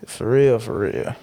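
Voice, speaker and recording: With a gravelly, medium-pitched voice, a man appears as a guest on a laid-back podcast. He delivers preachy, motivational talk, hammering home points through repetition and getting more animated as he tells his stories.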